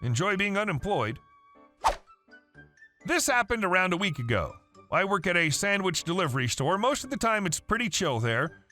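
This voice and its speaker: A man reading a first-person story aloud in a lively, playful storytelling manner. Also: high-pitched, brisk. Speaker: story narrator. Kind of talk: scripted story narration. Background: faint background music.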